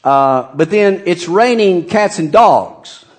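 A man preaches to his congregation at an unhurried pace. His voice sits a little high and swings widely, lifting sharply for emphasis. He breaks into short chuckles as he tells the story. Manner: lively and animated, with bursts of emphasis and chuckles. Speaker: pastor. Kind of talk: sermon.

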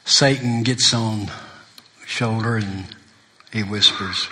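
A man's voice: medium pitch, expressive, measured pace, pauses often, pushed and bright, a little hiss or hum. A middle-aged man preaching a sermon, telling folksy stories and acting out other people's lines. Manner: folksy storytelling preacher, acts out friends' lines. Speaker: pastor.

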